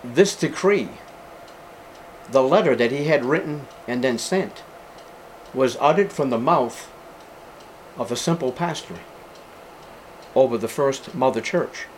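A man's voice: medium pitch, lively intonation, unhurried, pauses often, slight background noise. A man preaching a sermon to his congregation as pastor, emphatic, repeating key words and calling his listeners beloved. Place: church service with congregation.

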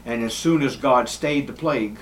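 A man preaching a sermon, acting out Bible scenes with sudden jumps in pitch and volume. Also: normal speed, a little hiss or hum. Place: church.

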